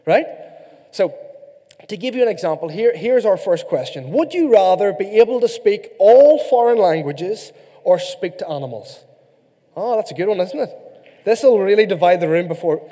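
A man with an Irish accent preaching a sermon as a pastor, reading scripture slowly and then rallying the congregation with humor. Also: high-pitched, warm tone. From Ireland. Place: church sanctuary. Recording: long hall reverb.

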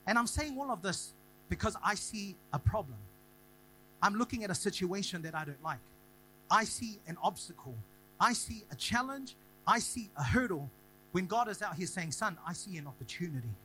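A young man preaching a sermon, telling a story and building to loud, rhythmic declarations. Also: high voice, lively intonation, normal speed, poor audio. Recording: faint music and mains hum behind.

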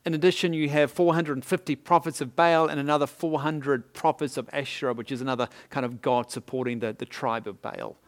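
A man preaching a sermon as a pastor, telling the story in a lively way with chuckles and asides. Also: mid-range voice, brisk, few pauses.

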